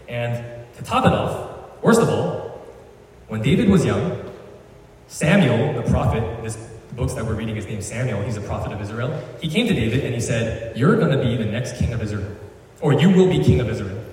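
Slangy preacher in an echoey hall. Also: male voice, medium pitch, recorded from a distance. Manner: chatty, slangy, storytelling with asides. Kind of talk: casual sermon.

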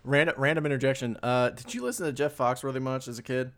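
A young man chatting casually on a podcast. He tells stories in a loose, rambling way, full of fillers and restarts. His pitch sits in a middle range. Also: fast talker, a bit bright. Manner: chatty, storytelling, lots of "like" fillers. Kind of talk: casual chat.

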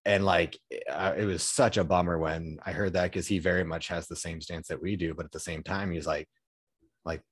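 A man with a deep, low-pitched voice hosts a podcast in an easygoing, earnest way, dotting his talk with fillers. The sound is dry and close, with no room echo. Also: steady tone, moderate pace, husky. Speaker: podcast host. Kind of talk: casual conversation.

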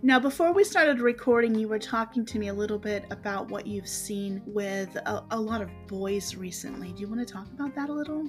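A woman's voice: medium pitch, lively intonation, brisk, few pauses, faint music behind. A woman hosting an interview, listening attentively and responding briefly. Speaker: interview host. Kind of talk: conversational interview.

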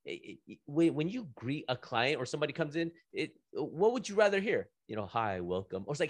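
A man hosting a casual conversation, animated, with frequent restarts and repeated words as he talks through ideas. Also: a little high, fairly quick, few pauses, no room sound.

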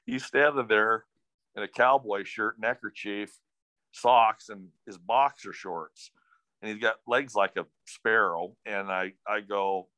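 A middle-aged man with a deep but bright, forceful voice tells a long family story in a folksy, rambling way. He acts out each exchange in quotes. The sound is dry and close. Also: dry recording. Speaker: storyteller recounting family history. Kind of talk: casual oral storytelling.

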